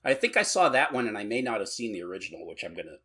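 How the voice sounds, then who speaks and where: Man co-host, casual podcast chat, rambling and profane, lively pitch, husky bright tone. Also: very fast. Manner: rambling, profane, laughs often.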